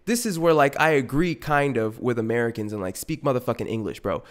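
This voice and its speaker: A male podcast host rants through a story in a loose, casual way. He swears constantly, restarts sentences and goes off on asides. His voice sits in an ordinary middle pitch. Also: brisk. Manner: profane, animated, frequent restarts and asides.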